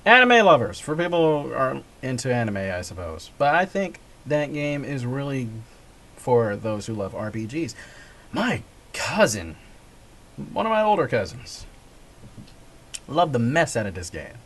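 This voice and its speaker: A man's voice: medium pitch, big pitch swings, unhurried, long pauses. A man talking casually in a gaming vlog, rambling, correcting himself and laughing often. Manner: rambling, chuckling, self-correcting. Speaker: gaming vlogger. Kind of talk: casual monologue.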